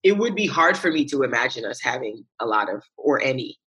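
A woman's voice: extremely low pitch, lively intonation, brisk, fairly bright tone, slightly rough, low-quality recording. A young adult woman, a voice actor, chatting animatedly in an interview and laughing often. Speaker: voice actor guest. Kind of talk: casual interview chat.

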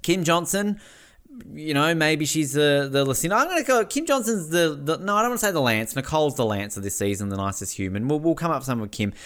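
Animated Australian man with a lively voice. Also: on the high side. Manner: animated, swearing, mocking impressions. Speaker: podcast co-host. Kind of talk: casual podcast recap.

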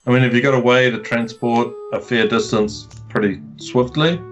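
A man's voice: medium pitch, steady tone, moderate pace, muffled recording, over music. A man playing a tabletop game, talking casually and bluntly, with some swearing. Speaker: player.

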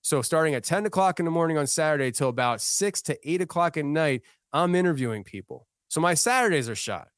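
His voice runs high and expressive as he talks fairly quickly with few pauses. He's a man in his thirties appearing as a podcast guest, earnestly relating a story and often restarting sentences as he works things out. The studio capture is dry and close, clear and smooth, with no room sound.

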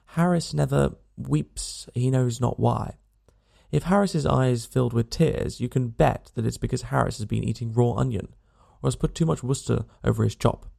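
Gravelly, mellow male audiobook narrator. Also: mid-range voice, moderate pace. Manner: dry, wry storytelling. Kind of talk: scripted narration of a comic novel.

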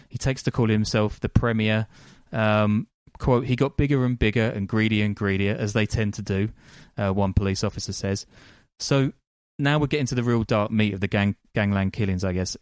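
A man hosting a podcast, telling the story in a loose, chatty way full of ums and quick laughs. His voice sits a little low, and the sound is dry and close with no room echo. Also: smooth. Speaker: podcast host. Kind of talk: casual storytelling chat.

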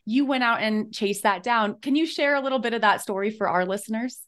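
A woman podcast host asking questions in a friendly, measured way. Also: a little high, fairly bright tone. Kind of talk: interview questions.

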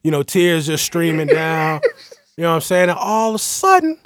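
A man telling a long story in casual chat, acting out the quotes with sudden loud, high outbursts. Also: normal speed, noisy background. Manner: lively, acts out quotes with big jumps in pitch and volume.

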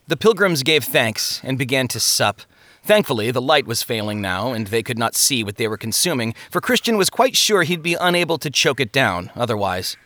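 A man narrating a story in an expressive storytelling style. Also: mid-range voice, normal speed. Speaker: audiobook narrator. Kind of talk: scripted narration.

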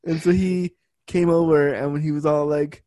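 A man's voice: a little high, fairly even intonation, moderate pace, mellow, no echo. Blunt, frank man telling a story. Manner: frank and blunt, with many fillers. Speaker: guest. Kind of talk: casual storytelling.

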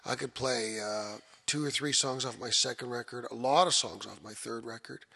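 A man in his sixties speaks with a Southern Ontario accent, telling stories in a loose interview chat. His voice is gravelly and husky with a bright, edgy tone. He rambles, repeats phrases and rushes into animated bursts. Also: medium pitch. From Canada. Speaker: musician guest.

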